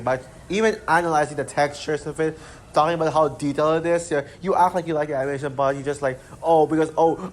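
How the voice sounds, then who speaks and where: A man with a somewhat high-pitched voice delivers an unscripted rant. He sounds exasperated and rambles, stumbling through fillers and false starts. Faint noise sits behind him. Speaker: channel host ranting about a critic.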